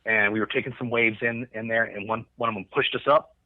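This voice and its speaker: A lower-voiced man recounts a story in a loose, rambling way, swearing freely and restarting his sentences. The sound is tinny and phone-like. The room adds no echo. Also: steady tone, fairly quick. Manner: rambling, profane, restarts often. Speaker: podcast guest, Coast Guard veteran. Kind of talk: conversational storytelling.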